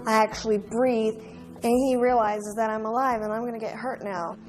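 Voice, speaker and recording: A woman in her twenties recalling a terrible childhood event in an interview, speaking in a halting, earnest and quietly intense way. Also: on the high side, fairly even intonation, faint music behind. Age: 20s. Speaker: crime survivor interviewee. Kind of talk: emotional interview recollection.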